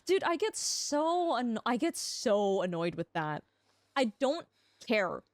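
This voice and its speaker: A woman's voice: fairly high pitch, very animated, unhurried, dry recording, clean studio sound. A young woman streaming a game, chatting with her viewers and often restarting her sentences. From Canada. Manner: chatty, answers chat, stammers and restarts. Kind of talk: casual livestream chat.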